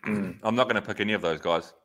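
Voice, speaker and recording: Deep-voiced New man, casual. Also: fast talker. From New Zealand. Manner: animated anecdote teller, swears casually. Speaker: podcast co-host, former track cyclist. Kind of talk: casual storytelling chat.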